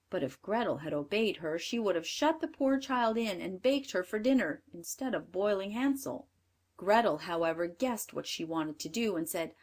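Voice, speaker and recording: A woman narrating a fairy tale aloud, with measured, expressive storytelling. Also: on the low side.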